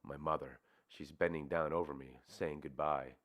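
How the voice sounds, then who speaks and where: A man reading the part of a troubled young man under hypnosis, in a halting, hushed way. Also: extremely low pitch, steady tone. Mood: shaken.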